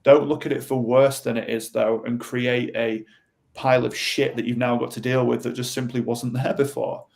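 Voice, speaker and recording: A man talking as a podcast guest, giving animated advice and acting out quoted voices. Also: medium pitch, moderate pace, gravelly. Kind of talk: conversational advice.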